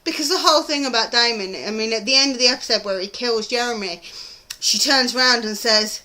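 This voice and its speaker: A woman's voice: on the high side, fairly quick, sharp tone. A British woman chatting casually in a TV review vlog, rambling and gushing with frequent ums. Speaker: TV review vlogger.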